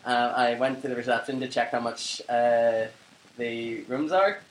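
A man's voice: mid-range voice, steady tone, measured pace. A young man, co-hosting a podcast and telling a long rambling story in casual chat, swearing and laughing often. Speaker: podcast co-host. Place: flat. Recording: roomy home recording with faint ambience.

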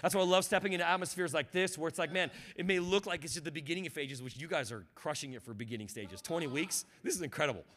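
A man preaching a sermon as a guest pastor, talking in a loose, conversational way with repeated words and restarts that climbs into passionate shouting. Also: fairly high pitch, fast talker, hardly any pauses.

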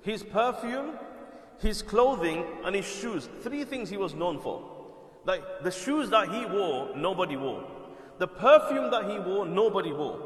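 A man preaching Islam tells a religious story at a measured pace, his high voice expressive and a bit bright. The lecture feels conversational, with repetition and check-ins with listeners, and the hall adds long, echoey reverb.

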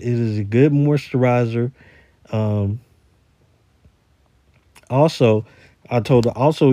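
Rambling man with a mellow voice. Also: mid-range voice, no echo. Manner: rambling, repeats words, animated complaining. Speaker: retail store worker. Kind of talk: casual voice-message storytelling.

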